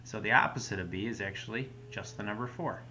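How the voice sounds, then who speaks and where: A man's voice: on the low side, fast talker, pushed and bright, a little hiss or hum. A man teaching a recorded math lesson at home, explaining each step patiently in a casual way. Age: adult parent.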